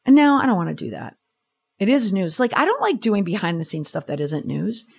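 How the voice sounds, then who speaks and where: A woman hosting her own podcast in a sarcastic, exasperated tone as she answers messages from her audience. Her pitch swoops and leaps constantly. The delivery is animated and conversational. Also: a little fast, creaky, breathy edge. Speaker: podcast host. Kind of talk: solo podcast reading listener messages.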